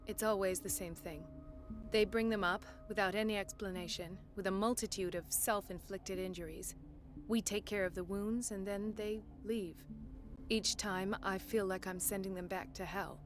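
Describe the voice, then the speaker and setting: A woman's voice: medium pitch, steady tone, moderate pace, natural voice. An actress voicing a compassionate, troubled woman doctor in a video game, over faint music. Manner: earnest, troubled. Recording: game audio under music.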